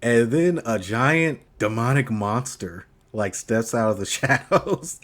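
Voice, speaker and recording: A man's voice: medium pitch, lively intonation, slow, hardly any pauses, a bit bright. A man co-hosting a casual podcast, animatedly recapping a story, acting out the characters' lines in funny voices, swearing and laughing along. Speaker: podcast co-host. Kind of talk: casual chat recapping an anime.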